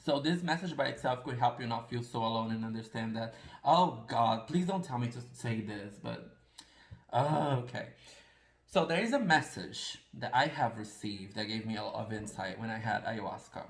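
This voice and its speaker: A man's voice: medium pitch, normal speed, reverberant, rough recording. A man giving a casual pick-a-card tarot reading, talking in a rambling, confessional and self-deprecating way.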